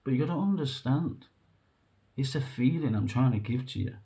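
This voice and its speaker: A man talking to camera in an emotional, rambling monologue, halting and earnest, breaking off and restarting. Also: mid-range voice, lively intonation, warm tone. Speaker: vlogger.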